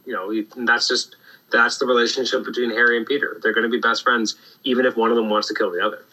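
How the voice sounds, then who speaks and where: A man hosting a casual podcast chat about comic books, animated and full of restarts. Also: mid-range voice, fast talker, rough recording. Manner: animated, acts out quoted lines, many restarts. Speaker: podcast host. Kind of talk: casual comic book discussion.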